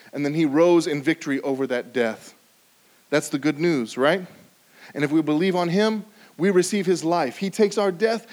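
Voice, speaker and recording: A man preaching a sermon, with sudden rises in pitch and volume and drops to a quiet, low voice for emphasis. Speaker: pastor.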